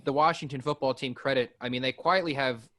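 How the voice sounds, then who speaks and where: A man with an average pitch makes his betting case in a casual, joking way. He trades banter with his friends on the show and keeps the talk loose. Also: brisk, pushed and bright. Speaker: podcast co-host. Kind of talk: casual sports betting chat.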